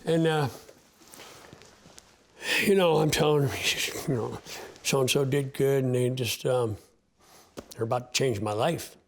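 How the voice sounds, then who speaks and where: A man with a medium-pitched, steady voice speaks a little slowly and pauses often. He is a sled dog musher giving a candid interview, talking earnestly and from the heart about his dogs, often restarting his sentences.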